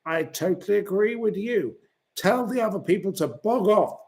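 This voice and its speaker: A man's voice: high-pitched, expressive, moderate pace, darkish tone. A man hosting a livestream, reading viewer comments aloud and ranting and swearing at commenters. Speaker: channel host.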